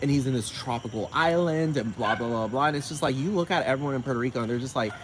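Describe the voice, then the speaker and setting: A man's voice: fast, noisy background. Rambling, profane man ranting to camera. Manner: rambling, profane, keeps asking "you know what I'm talking about?"; sudden jumps up in pitch when riled. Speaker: vlogger. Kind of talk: casual rant to camera.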